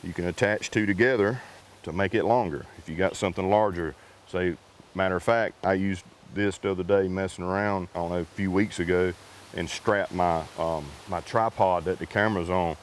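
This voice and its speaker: Deep-voiced man explaining outdoor gear. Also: moderate pace, slight background noise. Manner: relaxed, rambling explanations with restarts. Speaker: gear reviewer. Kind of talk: casual unboxing vlog. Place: outdoors in the woods.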